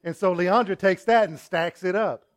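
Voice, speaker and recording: Male pastor, sermon, chatty storytelling, asides to the congregation, loud-to-quiet swings, fairly high pitch. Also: moderate pace.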